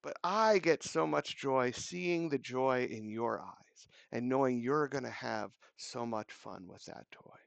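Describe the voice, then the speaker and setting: Man playing kind shop owner, soft gentle delivery, gravelly voice, dry close sound. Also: medium pitch, a little slow, few pauses, no room sound, voice pushed down, rough recording. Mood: tender.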